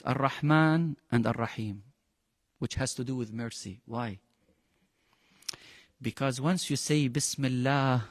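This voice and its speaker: A man with an Arabic accent teaching a class on the Quran in English, animated, often firing questions at his students. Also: dry recording, big-room sound. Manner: animated, questioning the class, pitch jumping high for emphasis. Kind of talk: interactive religious lesson.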